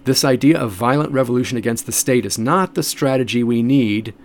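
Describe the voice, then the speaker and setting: A man's voice: medium pitch, brisk, slight background noise. A man giving an emphatic, lecture-style commentary, repeating points and restarting phrases.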